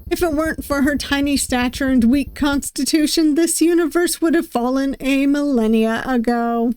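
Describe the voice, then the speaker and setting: A woman's voice: high-pitched, moderate pace, darkish tone, dry recording. A woman streaming a visual novel playthrough, reading its text aloud with playful voices and laughter.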